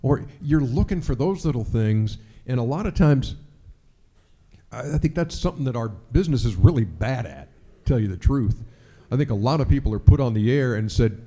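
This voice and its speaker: A man's voice: medium pitch, lively intonation, moderate pace, mellow. A middle-aged sportscaster giving a speech to an audience, telling stories animatedly and acting out the lines he quotes.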